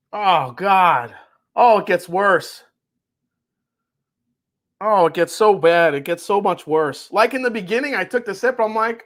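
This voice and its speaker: A man's voice: sits high, takes it slowly, long pauses, fairly bright tone. A young adult man hosting a live whiskey stream, chatting casually, groaning and cussing at what he tastes. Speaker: whiskey livestream host.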